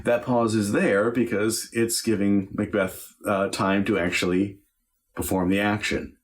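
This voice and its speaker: Deep-voiced male acting teacher walking through verse line by line, unhurried and thinking aloud. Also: little pitch movement. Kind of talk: lesson on Shakespeare verse.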